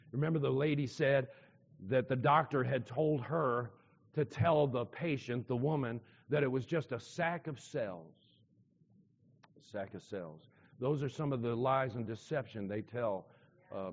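A man preaching a sermon to a congregation, emphatic, repeating key phrases and asking the listeners questions. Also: medium pitch. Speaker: pastor. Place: church hall with a congregation. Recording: dull sound with long hall reverb.

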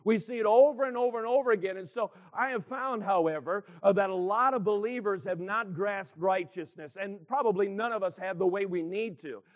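High-voiced pastor preaching on a tinny line. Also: male voice, fairly quick, few pauses. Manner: earnest, emphatic, asks the congregation for responses. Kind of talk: sermon. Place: church before a congregation. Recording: tinny phone-like sound.

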